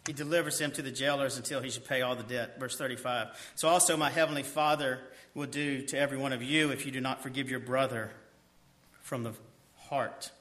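Bright-voiced male preacher, soft on key points. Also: medium pitch, fairly even intonation, brisk. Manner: reads verses aloud, then asks the listeners questions and answers them himself. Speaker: pastor. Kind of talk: expository sermon.

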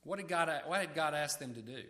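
A man's voice: fairly high pitch, animated, fast talker, sharp tone. A man preaching a sermon in a conversational way, often repeating words and asking the listeners questions.

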